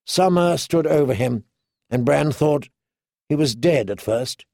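A male audiobook narrator reading slowly in a measured, even way. His voice has a gravelly texture. The sound is dry and close, without room sound. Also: fairly high pitch, no echo.

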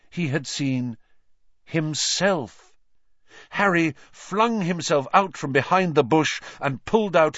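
A man reading a fantasy novel aloud as an audiobook narrator, expressive and given to dramatic pauses. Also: medium pitch, no echo, highs cut off.

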